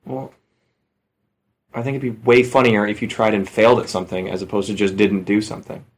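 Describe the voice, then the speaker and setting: Brief: low-pitched man, dry sarcastic co-host, comedic reading of a cheesy book. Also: fairly quick. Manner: sarcastic, mocking interruptions.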